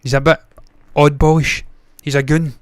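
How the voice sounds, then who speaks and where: A man's voice: a little high, little pitch movement, moderate pace, clean tone, no room sound, studio quality. Profane, rambling movie-news host, man. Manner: blunt, profane, rambling with tangents. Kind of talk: casual solo commentary.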